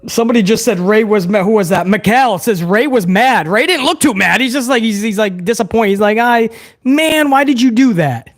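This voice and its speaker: High-voiced man ranting on a stream. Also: a little fast, hardly any pauses, fairly bright tone. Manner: heated, profane ranting to chat. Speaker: host of a wrestling review show. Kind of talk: live watch-along reaction commentary.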